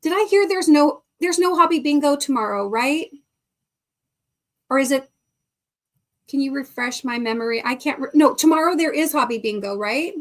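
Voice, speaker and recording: A woman's voice: high voice, lively intonation, moderate pace, long pauses. A middle-aged woman hosting a live stream, chatting casually, reading viewer comments aloud and laughing often. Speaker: livestream host.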